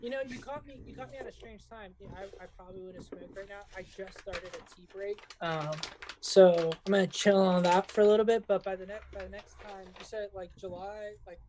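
A man speaking as a podcast guest in a relaxed casual chat, answering in an easygoing way. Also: sits high, a little fast. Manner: relaxed, easygoing, brief replies.

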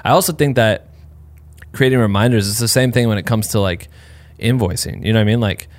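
A man's voice: fairly low pitch, fairly quick, no echo. A congested man who sounds sick, talking casually and candidly on a podcast, swearing freely and rambling with fillers.

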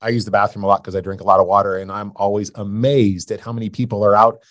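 Lower-voiced man hosting a podcast. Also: flat delivery, fast talker, fairly bright tone, dry recording, clean studio sound. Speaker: podcast host. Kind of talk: casual interview chat.

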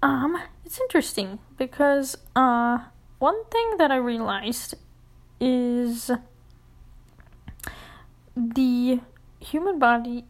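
Young woman, fairly high voice, rambling casual storytelling, profane, lots of "like", slips into whispers. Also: expressive, slow, long pauses. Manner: often drops to a whisper.

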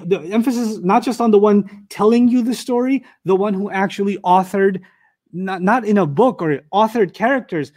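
A man with a high-pitched voice teaches a lesson on scripture. He talks in an animated way, throws rhetorical questions at his audience and rattles off Arabic verses quickly between explanations. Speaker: Quran teacher. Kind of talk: lecture on scripture.

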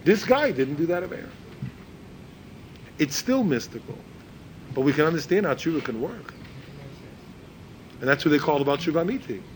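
A man's voice: sing-song, moderate pace, long pauses, slight background noise, poor audio. A man giving an informal religious lecture who repeats words as he searches for phrasing and acts out the people he quotes. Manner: acts out quoted speakers in a higher voice. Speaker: religious teacher.

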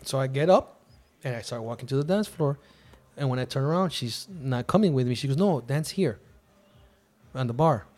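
A man in the middle of his range hosts a podcast, spinning a casual story about a night out. He acts out his own lines and other people's lines as he goes, with a lively, chatty delivery. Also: medium pitch, moderate pace. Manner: animated, acts out quotes of himself and others. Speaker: podcast host.

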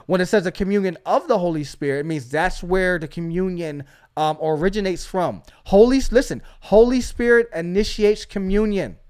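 A man's voice: high-pitched, normal speed, darkish tone, smooth. A man hosting a faith podcast, preaching with emphatic energy and frequent call-outs to his listeners.

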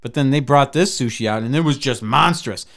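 A man hosting a podcast in loose, profane casual chat, laughing often and bursting with excitement. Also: medium pitch, a little fast, vocal fry. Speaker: podcast host.

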